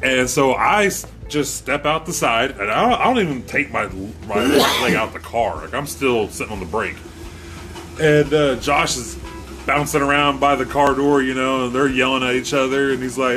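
A man's voice: medium pitch, moderate pace, soft background music. A man casually telling a story with lots of swearing, acting out the voices of the people in it. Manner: profane, animated, acts out quotes.

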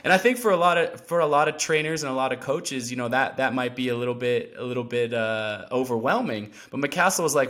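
A man as a podcast guest, telling a story in casual talk, animated and full of "like" fillers. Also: mid-range voice, fairly quick. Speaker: podcast guest, endurance athlete.

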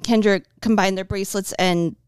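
A talkative woman with a smooth, clear voice, recorded close and dry with no room sound. She talks fast and eagerly, breaking into laughter and quick jokes. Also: mid-range voice, fairly even intonation, dry recording. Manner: enthusiastic, laughs often, jumps in with jokes. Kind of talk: casual comic-book discussion.

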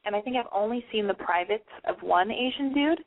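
A woman's voice: medium pitch, lively intonation, fairly quick. A brash, profane woman hosting a call-in advice radio show, a little tipsy, talking animatedly. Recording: dry, phone-like lo-fi sound.

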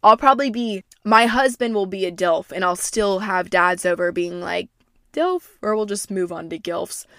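A woman's voice: mid-range voice, normal speed, a bit bright, no room sound, studio quality. A young woman in her twenties, a podcast host, telling a story in a brash, profane, gossipy way and acting out what people said. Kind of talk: casual storytelling monologue.

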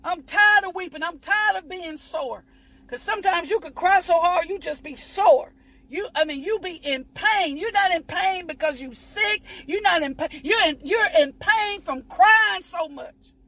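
A woman's voice: very high voice, unhurried, a bit bright, rough recording. A woman giving a fervent preaching-style motivational talk, repeating herself and calling listeners honey and baby. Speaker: inspirational speaker.

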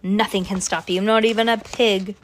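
A woman reading aloud voices a brisk, self-assured female animal control officer who talks herself up. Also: medium pitch, fairly even intonation, a little hiss or hum, close to an everyday voice.

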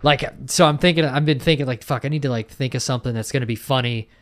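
A man's voice: medium pitch, fast talker. A man co-hosting a podcast in casual chat, rambling with lots of fillers and swearing. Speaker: podcast co-host.

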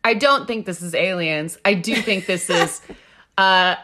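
A woman co-hosting a podcast in casual chat, reacting with animated exclamations. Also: on the low side, a little slow, slight background noise. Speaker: podcast co-host.

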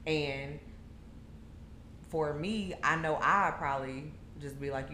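Woman guest, low and bright, blunt and frank in a roomy space with faint hiss. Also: slow, pauses often. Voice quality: blunt, matter-of-fact advice. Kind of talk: casual chat. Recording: echoey room with faint noise.

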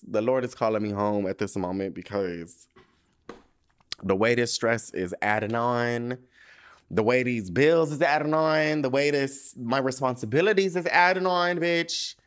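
A man's voice: medium pitch, a little slow, clean tone. A man hosting his own podcast in a casual solo monologue, sassy and profane with plenty of slang and laughter, sounding weary and stressed. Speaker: podcast host.

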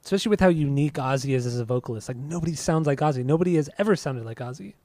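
This is a man hosting a casual podcast in a relaxed, easygoing way, steering the chat back to the topic. His pitch is mid-range and the recording is dry. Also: rapid-fire, no echo. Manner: easygoing, keeps the talk moving. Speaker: podcast host.

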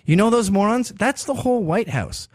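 A man with a slightly high voice rants through a provocative, sarcastic podcast monologue full of swearing. His pitch swings widely as he mocks and jabs. The sound is dry and close, with no room around it. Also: expressive, moderate pace, a little mellow, no room sound. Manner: profane, provocative, sarcastic ranting. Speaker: podcast host. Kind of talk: opinion monologue.

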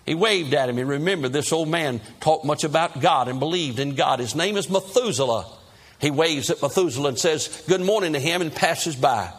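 Preacher narrating a sermon story with drama; husky, slightly high male voice. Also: moderate pace, fairly bright tone.

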